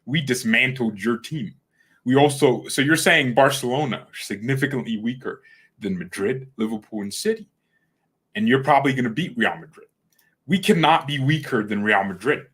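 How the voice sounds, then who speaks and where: Hosting a football fan channel, this man rants casually about the game in a medium-pitched, fairly bright voice with a breathy edge, keeping a moderate pace. His take is blunt and opinionated with some trash talk, and he trips over repeated words when he gets heated.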